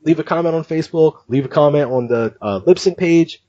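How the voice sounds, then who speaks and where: A man hosting a podcast, recounting things in an animated, chatty way and laughing often. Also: fairly high pitch, a little fast, dry recording, highs cut off. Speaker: podcast host. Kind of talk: casual podcast chat.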